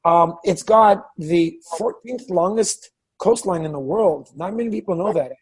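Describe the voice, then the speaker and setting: A man's voice: high-pitched, unhurried, husky, poor audio. A man from Canada, a guest author and filmmaker, telling stories in a chatty, enthusiastic way with casual swearing. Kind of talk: casual podcast conversation.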